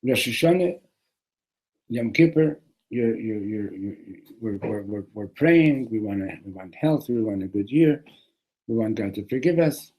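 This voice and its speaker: A man teaching a classroom lesson on a religious text, animated, often restarting and repeating words. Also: lowish voice, unhurried, rough recording.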